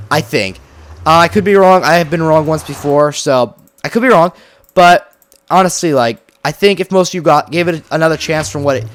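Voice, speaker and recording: Lively, rambling young-sounding gaming host. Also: male voice, fairly high pitch, no room sound. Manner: rambling, chatty, heavy use of "like". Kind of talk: casual gameplay commentary.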